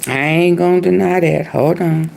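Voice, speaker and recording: A woman giving casual gossip commentary, animated and laughing often. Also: normal speed, gravelly, slight background noise. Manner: animated, laughs often, mimics with shrieking high voice. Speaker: commentary vlogger.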